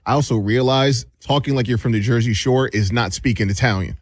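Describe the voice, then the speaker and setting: A man's voice: medium pitch, fairly quick, dry recording. A man on a sports talk panel, joking and teasing the others. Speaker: show regular. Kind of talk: casual banter.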